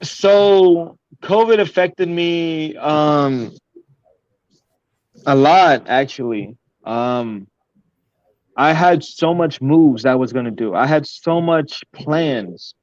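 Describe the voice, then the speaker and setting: A young man from Houston, a guest rapper chatting casually, halting and full of fillers. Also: fairly high pitch, darkish tone, no room sound. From Houston, Texas. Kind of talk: casual interview chat. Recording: dry, slightly muffled audio.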